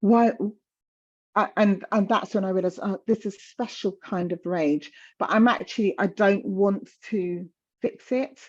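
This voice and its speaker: A woman's voice: medium pitch, measured pace, dull audio. Passionate, emphatic woman in her fifties. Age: 50s. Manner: passionate, emphatic, repeats words for stress. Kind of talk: candid conversational talk.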